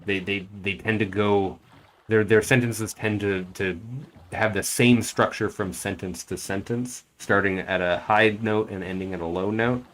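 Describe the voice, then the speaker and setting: A man's voice: fairly low pitch, steady tone, measured pace, a bit bright. A man streaming a game and chatting casually, thinking aloud as he plays. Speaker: streamer and voice actor.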